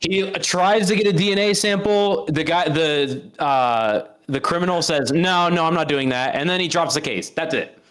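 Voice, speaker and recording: A man's voice: on the high side, normal speed, hardly any pauses, fairly bright tone, poor audio. A man co-hosting a podcast in casual chat, retelling a case in a rambling way. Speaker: podcast co-host.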